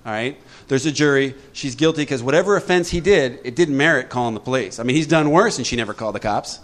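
A man leading a recovery group talk, lively and joking, acting out little voices as he explains. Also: medium pitch, fairly quick, hardly any pauses, slight background noise. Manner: lively, jokey, acts out voices. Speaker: recovery workshop speaker.

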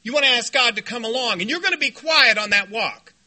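A man voicing a calm older Jesuit brother who speaks softly and kindly, slower and lower than his own voice. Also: full character voice. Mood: calm, gentle.

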